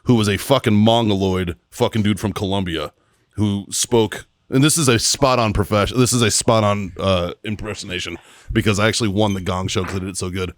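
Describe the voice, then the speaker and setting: A man's voice: fairly low pitch, steady tone, no echo, clean studio sound. A man in his forties, a retired Marine, telling profane stories in a casual podcast chat. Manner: profane, quick storytelling.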